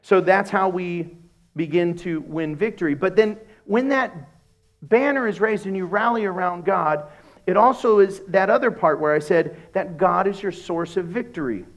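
A middle-aged man preaching a sermon as a pastor, telling humorous stories and acting out conversations in a lowered voice. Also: normal speed. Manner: animated, humorous storytelling that acts out dialogues in a lowered voice.

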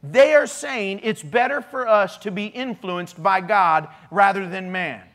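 A man preaching a casual, joking sermon in a church, with animated swings in pitch and loudness. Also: measured pace. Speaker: pastor.

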